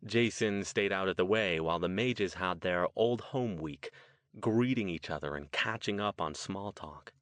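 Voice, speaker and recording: Fields: Sex: man. Role: audiobook narrator. Style: scripted narration. Pitch: low. Room: dry. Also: moderate pace, a bit bright, no echo.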